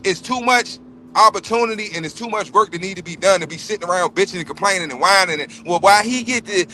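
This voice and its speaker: A man's voice: high-pitched, quick pace, pushed and bright, a little hiss or hum. A man on a livestream panel, giving a heated, profane, blunt rant and repeating himself for emphasis. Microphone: remote livestream call.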